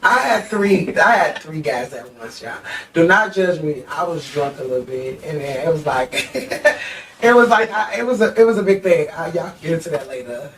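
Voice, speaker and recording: A man's voice: on the high side, animated, moderate pace, a bit bright. A man guesting on a casual interview show, talking in a flamboyant, playful way with frequent laughter and lots of y'all. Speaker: guest musician and reality TV personality. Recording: distant mic with faint background noise.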